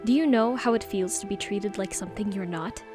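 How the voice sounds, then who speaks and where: A woman's voice: medium pitch, brisk, over music, lightly acted. A woman voicing an anguished, tearful young trans man confessing to his boyfriend in an audiobook. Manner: emotional, pleading and tearful.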